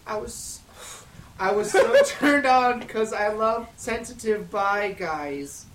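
A woman's voice: on the high side, expressive, slow, background noise. A woman podcast host reading fan fiction aloud in a giggly, theatrical way at home in a dining room. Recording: echoey room, mic at a distance.

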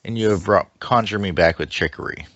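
A man's voice: low voice, brisk, fairly bright tone. A man voicing a cunning female alien goddess of trickery, speaking her lines in a sly, questioning way. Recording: dull lo-fi mic with faint hiss.

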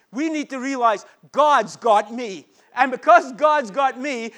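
A man with a strikingly high voice preaches to a congregation at a church service. He repeats his lines and drags out key phrases for emphasis, with a fervent, driving sermon cadence. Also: fairly bright tone. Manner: emphatic and repetitive, slowing down to stress key phrases.

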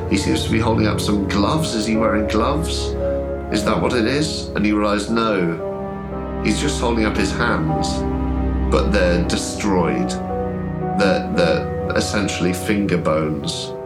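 Deep-voiced male game master narrating. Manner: descriptive, hesitant with fillers. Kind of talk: narrating a tabletop horror game.

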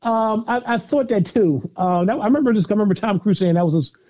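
A middle-aged man with a fairly high voice, talking as a guest in an easygoing interview. He stumbles over repeated words, laughs a lot, and speaks with animation. The recording sounds dull and lo-fi, with no room echo at all. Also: fast. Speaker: guest filmmaker. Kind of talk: casual interview answers.

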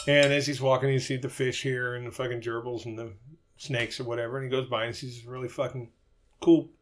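A man's voice: mid-range voice, level tone, brisk, a little hiss or hum. A middle-aged man co-hosting a podcast in casual banter, swearing freely as he tells jokes and stories. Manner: profane storytelling, tells jokes. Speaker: podcast co-host.

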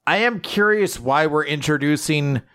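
Higher-voiced man musing in casual chat. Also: moderate pace, fairly bright tone. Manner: thoughtful, hesitant, laughs easily. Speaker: podcast co-host.

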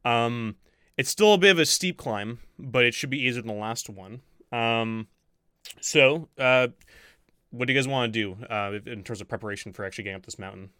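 Brief: game master, male, bright forceful voice, dry close sound, filler-heavy narration. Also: mid-range voice, moderate pace, smooth, no echo. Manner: rambling, many ums and uhs, laughs easily.

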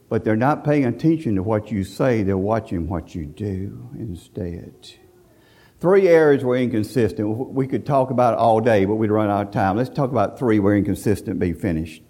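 A man's voice: medium pitch, a little mellow. A man preaching a folksy, emphatic sermon. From central Alabama, USA. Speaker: visiting preacher.

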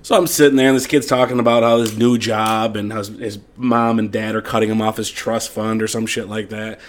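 A man co-hosting a podcast, telling a casual story with lots of quoted back-and-forth dialogue. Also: fairly low pitch. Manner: fast, animated anecdote-telling with quoted dialogue. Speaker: podcast co-host.

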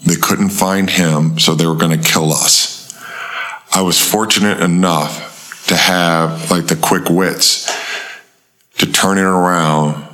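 Low-voiced man telling a street story. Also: slow pace. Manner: animated storyteller, acts out quoted voices in a higher pitch, swears freely. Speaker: interview guest. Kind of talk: storytelling in a casual interview.

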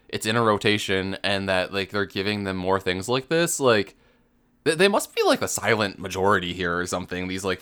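A man's voice: lowish voice, fairly bright tone, clean tone. A man co-hosting a casual gaming podcast, musing aloud and filling his speech with "like". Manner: filler-heavy, musing. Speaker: podcast co-host.

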